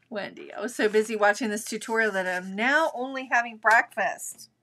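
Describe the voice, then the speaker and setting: A woman's voice: a little high, sharp tone. A middle-aged woman hosting a live watercolor painting tutorial, chatting and thinking aloud as she works. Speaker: art instructor.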